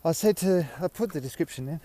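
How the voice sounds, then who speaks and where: A man's voice: fairly high pitch, expressive, fast, mellow. An Australian man hosting a podcast, talking in a rambling, self-mocking way while out walking his dog. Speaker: podcast host. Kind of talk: casual rambling monologue.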